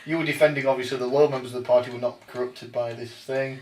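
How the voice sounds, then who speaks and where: A man's voice: mid-range voice, little pitch movement, fast, few pauses, darkish tone, distant mic. A man hosting a casual chat about tabletop games, often hesitating and restarting his sentences. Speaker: podcast host. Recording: roomy echo, off-mic, faint noise.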